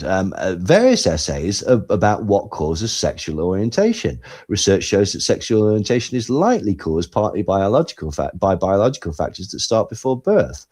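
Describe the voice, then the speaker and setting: A man co-hosting a podcast, talking in animated, sarcastic commentary that swings between loud and quiet. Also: on the low side, husky. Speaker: podcast co-host. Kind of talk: casual commentary chat.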